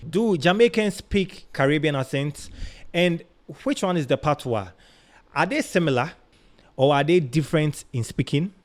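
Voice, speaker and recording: A man's voice: fairly high pitch, animated, moderate pace. A man hosting an interview, asking the guest questions and calling him "my brother". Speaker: host.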